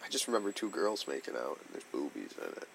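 A man's voice: extremely low pitch, huge pitch swings, quick pace, creaky, a bit bright, slight background noise, rough recording. A young man co-hosting a podcast, chatting in a teasing, crude, joking way. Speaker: podcast co-host. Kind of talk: casual chat.

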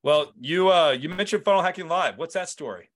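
A podcast host with a somewhat high voice speaks briskly in a relaxed, conversational chat, asking his guest follow-up questions.

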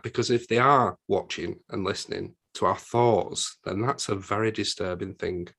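A man with a northern English accent co-hosting a film podcast. He talks in a wry, teasing way. His voice sits somewhat low. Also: normal speed, vocal fry, hardly any pauses, fairly bright tone. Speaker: podcast co-host. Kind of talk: casual chat.

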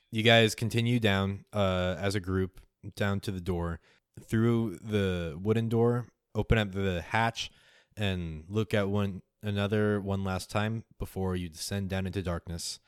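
A man narrates a tabletop game as its game master, relaxed and matter-of-fact. His voice is low and sits smooth and clear. The sound is close and dry. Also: no echo. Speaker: game master and podcast host.

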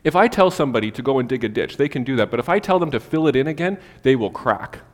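A man's voice: mid-range voice, lively intonation, fast talker. A man preaching a sermon, telling a casual personal story full of fillers before turning to scripture. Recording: long hall reverb.

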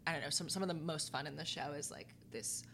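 A woman co-hosting a podcast, chatting quickly and playfully about musicals. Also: low-pitched, creaky, fairly bright tone, slight background noise. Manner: quick, chatty, laughs often, many "like" fillers. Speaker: podcast co-host. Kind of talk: casual chat about musicals.

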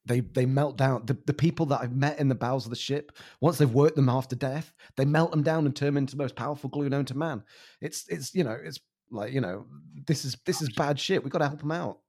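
A man's voice: mid-range voice, a little fast, a little mellow. A man performing improvised comedy, exasperated and rambling, swearing often.

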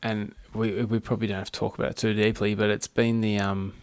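A man's voice: lowish voice, little pitch movement, quick pace, clear, resonant tone, dry recording. An Australian man co-hosting a casual chat, talking in laid-back, wry banter.

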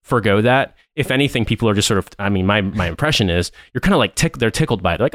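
A man's voice: lowish voice, animated, fast, hardly any pauses, dry recording, clean studio sound. An American man from Indiana co-hosting a podcast, chatting casually in a rambling way with many fillers and restarts. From Indiana, USA. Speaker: podcast co-host. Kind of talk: casual chat.

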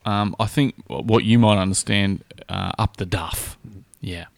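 A man's voice: fairly low pitch, steady tone, unhurried, gravelly, no echo. Blunt man, crude banter. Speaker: podcast co-host. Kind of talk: casual reaction chat.

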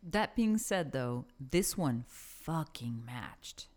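A woman co-hosting a casual book chat, relaxed and conversational with a blunt edge. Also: a bass voice, very slow.

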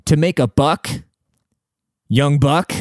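A man's voice: fairly high pitch, takes it slowly, a little mellow, dry recording, studio quality. A man hosting a podcast in casual, rambling chat full of swearing and filler words, giving relationship advice. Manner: profane, rambling bro-talk with filler words. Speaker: podcast host and rapper.

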